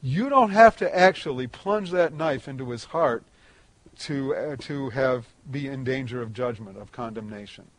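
Taking a Bible passage one verse at a time, this preacher talks conversationally and lifts his pitch and loudness when stressing a point. He keeps a moderate pace.

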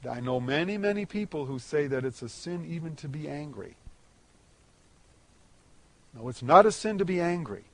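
A man preaching a sermon, explaining a Bible passage verse by verse in a conversational way, rising in pitch and volume on emphatic points. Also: expressive, normal speed, long pauses, a bit bright.

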